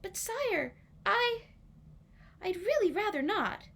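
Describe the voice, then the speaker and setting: A woman's voice: very high voice, sing-song, slow pace, vocal fry, a bit bright, pitched above the performer's own voice, full character voice. A woman voicing a clever, patient young maiden who talks politely and earnestly in a storybook.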